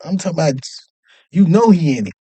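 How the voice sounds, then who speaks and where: A man telling a story in a casual, animated and profane way, often checking in with "you know what I mean". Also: fairly high pitch, quick pace, husky, no echo. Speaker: podcast host telling a story.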